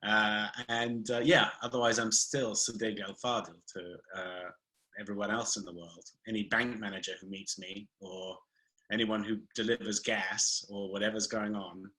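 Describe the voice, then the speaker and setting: A man's voice: lowish voice, animated, moderate pace, creaky, bright, forceful tone, poor audio. A man hosting a casual live video call chat, laughing often, chatty and playful.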